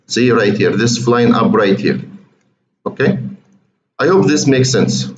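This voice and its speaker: A man's voice: mid-range voice, measured pace. A man walking viewers through trading charts in a chatty, repetitive way, often calling them guys. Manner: conversational, repeats words, addresses viewers as guys. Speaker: trading educator. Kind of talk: screen-share chart walkthrough. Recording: roomy, muffled, faint hiss.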